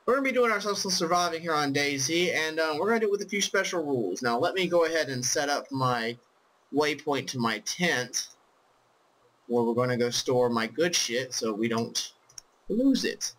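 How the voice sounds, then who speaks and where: A man's voice: on the high side, lively intonation, normal speed, a bit bright, rough recording. A tired man casually commenting on his own gameplay as host, rambling with lots of ums and swearing. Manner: rambling, full of ums, profane. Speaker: let's play host.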